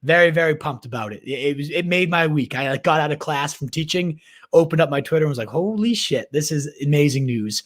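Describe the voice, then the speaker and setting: A man's voice: a little high, fast, fairly bright tone. Hyped man hosting a fantasy sports livestream. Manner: hyped, slangy, calls viewers "baby" and "my dude"; restarts and repeats words while thinking aloud. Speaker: fantasy football livestream host. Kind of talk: casual live Q&A chat.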